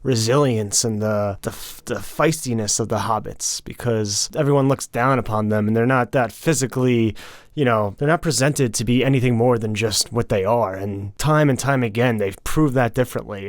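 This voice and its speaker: A man's voice: medium pitch, normal speed, no echo, studio quality. A young man co-hosting a casual podcast chat, laid-back and rambling, swearing freely and filling with "like" and "um". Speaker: podcast co-host.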